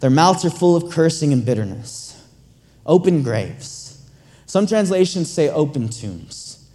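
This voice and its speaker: A man's voice: on the high side, very animated, unhurried, warm tone. A man preaching a sermon in a conversational, storytelling way, often repeating words as he restarts a thought. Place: church sanctuary. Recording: long reverb of a large church hall.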